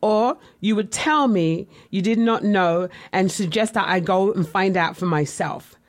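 A woman's voice: mid-range voice, measured pace. Candid woman telling her life story. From West Indian family. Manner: candid, reflective, conversational. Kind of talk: personal memoir storytelling.

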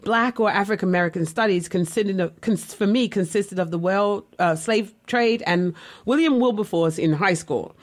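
A woman's voice: medium pitch, moderate pace. Candid woman telling her life story. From West Indian family. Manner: candid, reflective, conversational. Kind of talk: personal memoir storytelling.

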